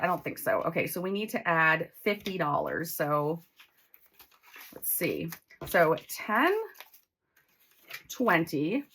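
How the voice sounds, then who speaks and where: Lively chatty woman counting cash. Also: medium pitch, slight background noise. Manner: chatty, counts bills aloud, excitable. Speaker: budgeting vlogger. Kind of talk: casual chat while counting cash.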